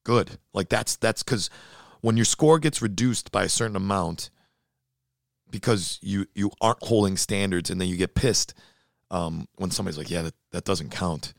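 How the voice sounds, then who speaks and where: A man co-hosting a casual fitness chat, blunt and animated, who gets fired up while he talks. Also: lowish voice, moderate pace, creaky, dry recording, clean studio sound.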